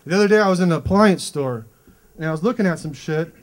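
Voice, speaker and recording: A man from Cleveland doing a stand-up comedy set on a club stage, telling stories in an animated way. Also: fast. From Cleveland, USA. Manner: animated, storytelling, swings in pitch.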